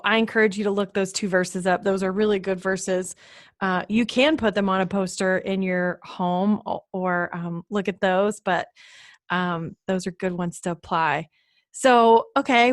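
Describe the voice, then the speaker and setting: A woman's voice: medium pitch, dry recording. Chatty young woman hosting a podcast, dry sound. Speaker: podcast host. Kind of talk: casual interview.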